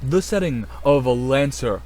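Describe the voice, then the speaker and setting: A young man rambling excitedly in casual video commentary, swearing a lot and full of fillers. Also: medium pitch, a little slow, music in the background. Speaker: video creator.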